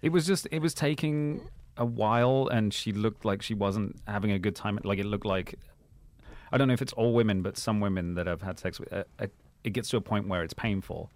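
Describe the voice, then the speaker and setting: A man co-hosting a comedy podcast, earnest and halting, often restarting his sentences. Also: fairly low pitch. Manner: halting, self-correcting, earnest. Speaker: co-host. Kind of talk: casual comedy chat.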